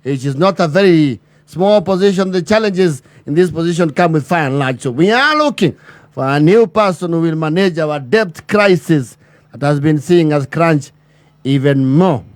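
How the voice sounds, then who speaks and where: A man delivering a mock formal address as a pompous chairman, with bureaucratic phrasing and drawn-out pauses. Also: on the high side, lively intonation, no echo.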